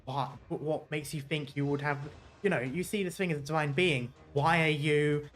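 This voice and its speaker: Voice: medium pitch, steady tone, moderate pace, a bit bright, soft background music. A game streamer chatting casually through a playthrough, rambling and correcting themself, swearing now and then. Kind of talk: casual let's-play commentary.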